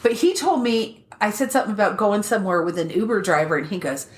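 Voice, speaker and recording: A woman co-hosts a podcast, telling stories in loose, casual chat and cursing without restraint. Her voice sits at medium pitch, she talks fast, and the recording sounds roomy.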